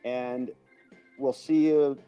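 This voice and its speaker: A man's voice: mid-range voice, steady tone, extremely slow, warm tone, smooth, faint music behind. A man hosting a casual livestream, chatty and chuckling as he thanks viewers by name and reacts to their comments. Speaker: livestream host.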